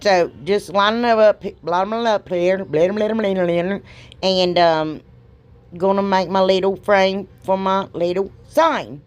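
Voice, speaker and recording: Talking a little slowly in a medium-pitched voice, a middle-aged craft video host narrates her project in a casual voice-over. She chats and rambles, teases herself, and peppers her commentary with folksy exclamations.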